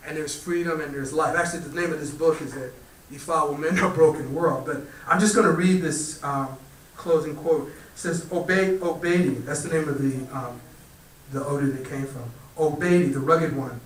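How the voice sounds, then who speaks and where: A man's voice: a little high, moderate pace. Man telling a story in an echoey hall. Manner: relaxed storytelling, lively quoted animal voices. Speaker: community spiritual teacher. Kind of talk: storytelling talk to a live audience. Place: community hall, live gathering. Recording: roomy echo, voice from far off the mic.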